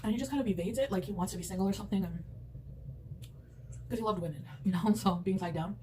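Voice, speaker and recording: A woman's voice: medium pitch, fast, warm tone. Woman, rambling eating chat, laughs a lot, mic set back, noisy room. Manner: rambling, chatty, laughs often. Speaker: mukbang eater. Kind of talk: casual chat while eating. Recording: distant mic with background noise.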